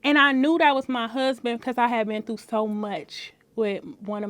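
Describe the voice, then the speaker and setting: A woman guest on a podcast, telling lively stories in casual speech, laughing often and acting out what people said. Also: a little high, moderate pace, few pauses, smooth. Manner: lively, laughing storyteller who acts out quotes. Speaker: podcast guest, business owner. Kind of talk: casual interview chat.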